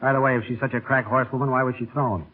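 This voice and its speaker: An actor playing a brusque, impatient surgeon with a curt, gruff manner, in a 1930s radio drama. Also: male voice, medium pitch, steady tone, rapid-fire, close to an everyday voice. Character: brusque, driven surgeon turned researcher. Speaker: doctor. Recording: tinny old radio broadcast.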